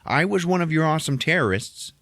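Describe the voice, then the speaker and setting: Dude playing a cussing, dismissive young rebel girl, low flat voice. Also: moderate pace, smooth, no echo, studio quality. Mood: angry. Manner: profane, dismissive. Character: surly young woman rebel, blunt.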